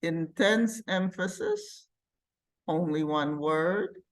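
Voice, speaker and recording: Patient woman instructor, slow and deliberate, narrating software steps aloud in class. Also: lowish voice, sing-song. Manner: patient, thinks aloud while clicking. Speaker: computer class teacher. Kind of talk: live classroom software demonstration.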